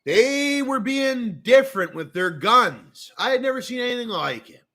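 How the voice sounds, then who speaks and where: A man's voice: very high voice, sing-song, moderate pace, pushed and bright. A man with a Canadian accent telling a long, rambling story in a casual rant, swearing often and talking with a lot of animation. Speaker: streamer.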